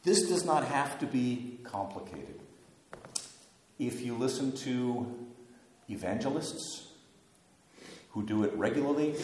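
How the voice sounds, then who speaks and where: A man preaching in a lively, swooping voice, retelling the story with dry jokes tossed in. His voice rings out through a big hall with a long, roomy echo. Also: medium pitch, slight background noise. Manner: animated storytelling with wry humorous asides. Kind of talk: sermon. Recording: echoey hall with long reverb.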